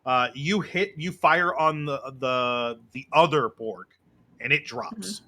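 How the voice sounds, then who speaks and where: Man, game master, tabletop rpg, bright tone, patient rule explainer. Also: on the high side, expressive, slow. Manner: methodical, explains rules with many fillers.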